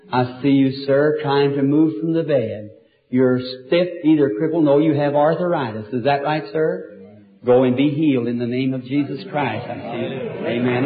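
A man leading a healing service as an evangelist, speaking gently and earnestly to each person before him. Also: medium pitch. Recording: tinny lo-fi archival recording.

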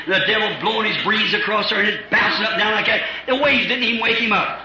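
A male preacher giving an impassioned revival sermon, swinging into shouts and acting out voices from scripture. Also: sits high, fast talker, few pauses, over loud music. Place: church with congregation. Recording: lo-fi echoey church recording with congregation. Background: congregation responding.

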